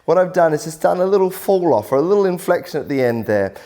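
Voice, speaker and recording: A man's voice: a little high, animated, quick pace, mellow. Man coaching singing, encouraging. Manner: encouraging, explains clearly, step by step. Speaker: vocal coach. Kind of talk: video workshop instruction.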